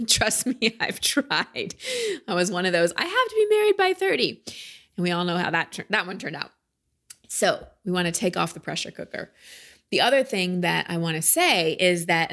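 A woman's voice: on the low side, fairly bright tone. A middle-aged woman hosting a podcast as a life coach, talking in an earnest, chatty way with small laughs. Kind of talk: podcast monologue.

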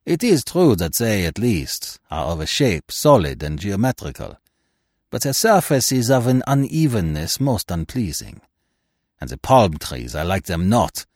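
A man's voice: mid-range voice, sing-song, a little slow, few pauses, no echo, clean studio sound. A man doing a fussy old detective, Hercule Poirot. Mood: peevish. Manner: precise, complaining, formal phrasing. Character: fussy, fastidious older male Belgian detective.

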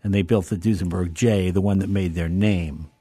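An older man with a low-pitched, slightly breathy voice speaks at normal speed in a dry recording. He's a guest in a casual talk, animatedly telling anecdotes and acting out the voices of the people he quotes.

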